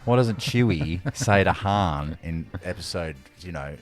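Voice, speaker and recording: A man's voice: deep voice, lively intonation, measured pace, faint music behind. A man co-hosting a podcast, asking quiz questions in loose, joking banter that often trails off. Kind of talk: casual banter.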